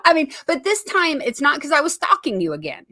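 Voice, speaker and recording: A woman's voice: high voice, very animated, fairly quick, bright, forceful tone. A woman hosting an online comedy talk show, joking playfully and teasing herself and her guest. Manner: playful, teasing, self-mocking. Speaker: host. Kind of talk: casual comedy banter.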